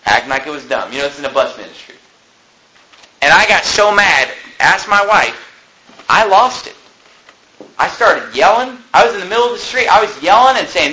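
A young man preaching a fiery sermon, joking one moment and shouting the next. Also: a little high, poor audio. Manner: impassioned, swings between joking and shouting.

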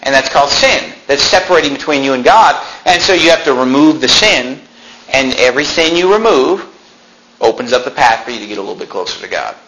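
A man preaching a sermon as pastor, emphatic, swinging between loud peaks and quiet drops. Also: medium pitch, lively intonation, a little fast, slight background noise, poor audio.

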